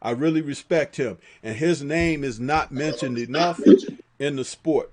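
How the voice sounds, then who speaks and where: A man with a high-pitched voice hosts a live boxing chat stream. He talks in an animated, profane way and laughs often. He reads viewer comments aloud between his takes. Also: unhurried. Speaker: boxing talk host.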